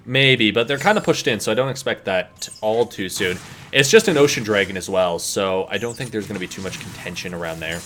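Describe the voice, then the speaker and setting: A man's voice: on the low side, animated, fairly quick, a bit bright, a little hiss or hum. A man doing play-by-play esports commentary with jokey, playful banter. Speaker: esports caster.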